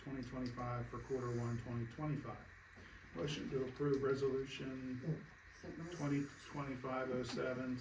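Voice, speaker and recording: A man with an average-pitched voice reads water bills and motions in a plain, businesslike tone. He sits far from the mic in an echoey meeting room. Background noise is clearly audible. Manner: plain, matter-of-fact reading. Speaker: board member running the agenda. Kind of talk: reading meeting agenda items.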